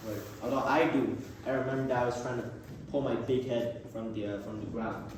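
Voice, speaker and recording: A man's voice: medium pitch, fairly even intonation, a little fast, far from the mic, background noise. Rambling slangy teen boy in an echoey room. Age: teens. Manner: rambling, slangy, self-correcting. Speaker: storyteller. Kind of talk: casual retelling of a classic.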